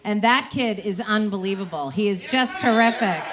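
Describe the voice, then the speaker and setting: A woman's voice: mid-range voice, moderate pace, a bit bright. A woman hosting a comedy showcase onstage, rambling and chatty, fond of acting out quotes. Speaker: comedy class instructor and show host. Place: theater stage. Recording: noisy live room recording. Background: audience crowd.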